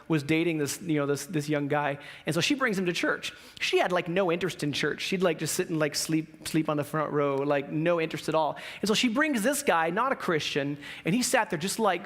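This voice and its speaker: A male pastor preaching a sermon in a casual, animated storytelling way, acting out the people in his stories. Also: on the high side. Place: church.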